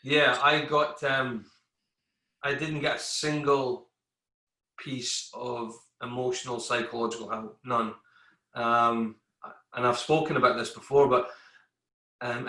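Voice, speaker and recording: Man, army veteran guest, candid podcast talk, sharp bright voice, roomy echo. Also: mid-range voice. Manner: animated storytelling, acts out exchanges with coworkers. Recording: echoey room.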